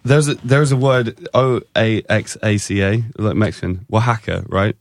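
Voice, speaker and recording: A man's voice: fairly low pitch, fairly even intonation, moderate pace, no echo. An Englishman, a guest on a casual chat show, telling stories in a self-deprecating way and swearing freely. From England. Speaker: guest musician.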